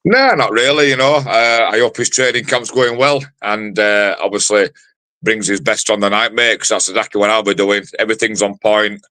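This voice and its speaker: Brash, deep-voiced fighter. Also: male voice, normal speed, sharp tone, no echo. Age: 40s. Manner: brash, sweary trash talk with many fillers. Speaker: bare-knuckle fighter. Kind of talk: fight promo interview.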